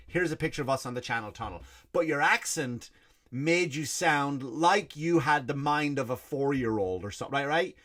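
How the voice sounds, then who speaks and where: A man's voice: on the high side, animated, moderate pace, fairly bright tone. A middle-aged Irish man, his accent partly Americanized, doing a blunt, profane comedy rant as a podcast host and often restarting his sentences. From Ireland. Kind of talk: ranting comedy monologue.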